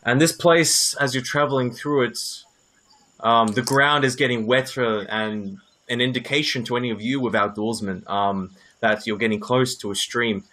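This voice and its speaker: A man acting as game master who narrates a tabletop game in a descriptive, halting way with many fillers. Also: mid-range voice, steady tone, a bit bright.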